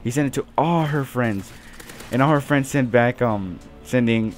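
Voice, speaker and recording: A man's voice: mid-range voice, steady tone, normal speed, soft background music. A teenage man telling a rambling story full of fillers over his gameplay, as host of his gaming channel. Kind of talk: casual gameplay commentary.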